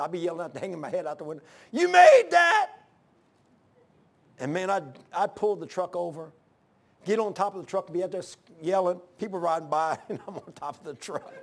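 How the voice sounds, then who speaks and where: An older man pastor giving an informal sermon, telling folksy stories with loud exclamations and chuckles. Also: on the high side.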